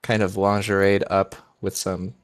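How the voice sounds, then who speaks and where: A young man with a slightly low voice narrates a tabletop game as its game master. His tone is easygoing and he often breaks into laughter. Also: level tone, unhurried.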